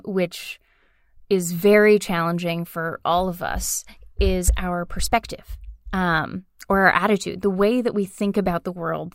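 A young adult woman co-hosting a podcast, telling a personal story in an earnest, reflective way with frequent pauses. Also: fairly low pitch, no echo, studio quality. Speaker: podcast co-host. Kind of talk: conversational podcast talk.

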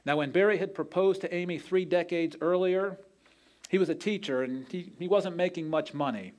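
Man, pastor, sermon storytelling, earnest, fairly high voice. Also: moderate pace, darkish tone.

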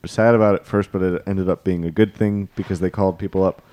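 A young man with a low, mellow, dark voice tells a story in a casual chat. He keeps it animated and laughs often between lines. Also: fast.

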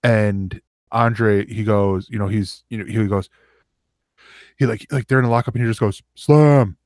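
A man's voice: fairly low pitch, fairly even intonation, normal speed, no echo, studio quality. A man co-hosting a podcast, telling a long rambling story in casual chat and acting out the quotes. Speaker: podcast co-host.

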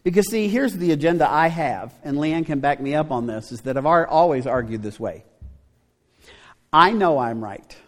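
A man's voice: a little high, expressive, moderate pace. A middle-aged male pastor preaching a conversational sermon, asking his congregation rhetorical questions. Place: church sanctuary. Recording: long reverb of a church hall.

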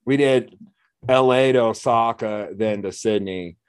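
A man's voice: on the low side, measured pace, clean tone, dry recording. American man, podcast host, casual chat, playful storyteller, dry close sound. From United States. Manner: jokey storyteller, acts out quoted voices. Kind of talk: casual conversation.

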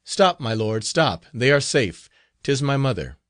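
A man reading the part of a young guide who excitedly recognizes his mother. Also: medium pitch, measured pace, dry recording, clean studio sound, voice pushed up. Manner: excited exclamations.

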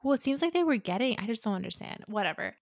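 A woman's voice: a little high, expressive, quick pace, no echo, studio quality. A woman co-hosting a casual podcast, making wry, sarcastic remarks and reading quotes from her notes. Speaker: podcast co-host. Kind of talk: casual chat recapping a book.

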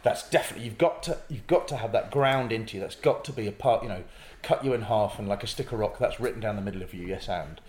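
In a casual interview recorded in an echoey room, a man who performs improv comedy acts out small scenes while explaining. He comes from North East England and has a low, slightly mellow voice, talking fast with few pauses.

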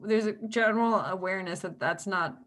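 Middle-aged American woman historian, earnest and halting. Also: medium pitch, a bit bright. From United States. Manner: hesitant restarts, laughs, earnest. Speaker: historian guest. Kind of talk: casual interview chat.

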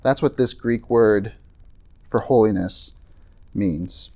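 A man's voice: fairly low pitch, slow, mellow. A man preaching a sermon to a campus group in a casual, conversational way, tossing in asides and filler words. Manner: conversational, frequent "right?" and "like" asides. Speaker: pastor. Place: evening talk to a campus group.

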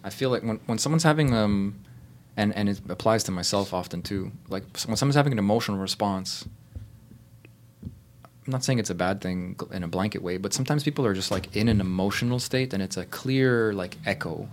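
A man's voice: on the low side, fairly quick, slight background noise. A man in casual conversation, speaking reflectively and searching for words. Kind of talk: casual chat.

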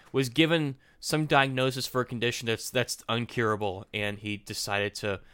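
Man, podcast co-host, bright tense voice, animated, stumbling restarts. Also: on the low side, smooth. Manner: animated, repeats and restarts words. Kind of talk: casual opinion chat.

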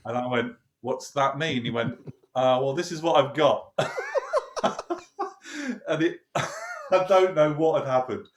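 A man's voice: on the high side, takes it slowly, long pauses, a little hiss or hum. A man, a producer casually telling a studio anecdote, acting out the dialogue and laughing as he goes. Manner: lively storyteller, acts out quoted dialogue, laughs often. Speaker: producer recalling a recording session. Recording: roomy echoey sound.

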